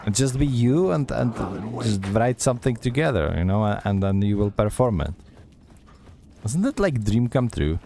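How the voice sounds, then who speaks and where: A man's voice: mid-range voice, big pitch swings, normal speed, dark tone, a little hiss or hum. Sarcastic man streaming a game. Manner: chatty, sarcastic, talks back at the game. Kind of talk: gameplay commentary.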